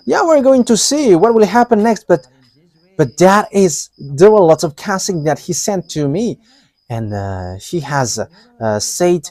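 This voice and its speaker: A man delivering a live sermon in a slow, deliberate way, with many pauses and fillers. His voice sits somewhat high and swings widely in pitch, and he chuckles between points. The sound is dry and close. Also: sing-song, a little mellow, dry recording. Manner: halting, with frequent pauses and fillers. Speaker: preacher.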